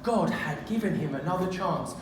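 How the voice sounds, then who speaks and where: A man's voice: sits high, lively intonation, moderate pace. A man telling a comic story playfully, laughing at his own jokes. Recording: echoey room, distant mic, noisy.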